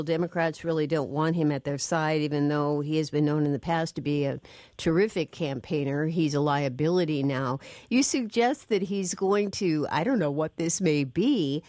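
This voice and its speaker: A woman's voice: low voice, lively intonation, moderate pace, darkish tone, no room sound, studio quality. A woman hosting a radio talk show, asking her guest questions in a conversational way. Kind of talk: radio interview.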